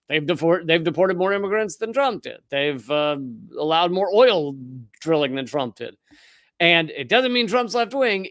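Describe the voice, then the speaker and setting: Sardonic Southern man with a crisp voice. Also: fairly high pitch, a bit bright, no echo, studio quality. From Richmond, Virginia, US. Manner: sardonic, rapid and conversational with frequent restarts. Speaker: live-stream political commentator. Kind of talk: live-stream commentary reading chat.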